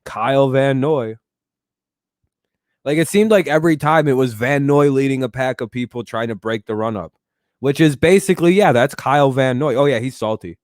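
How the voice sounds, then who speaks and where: Excitable, profane man on a sports stream. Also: medium pitch, normal speed, no room sound, studio quality. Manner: excitable, profane, talks back to chat. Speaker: streamer host. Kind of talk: casual live-stream sports talk.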